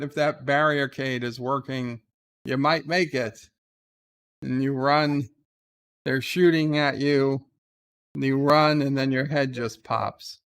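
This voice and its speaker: Man, livestream host, reading chat aloud, slightly high voice, smooth, halting and laid-back. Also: fairly bright tone. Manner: laid-back, halting, frequent "uh" before each comment.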